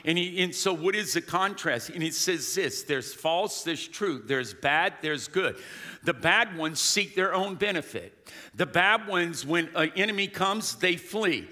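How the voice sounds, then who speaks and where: A man preaching a sermon as pastor, calling to the congregation and rising to shouts. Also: fairly high pitch, expressive, measured pace. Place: large church hall. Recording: long hall reverb.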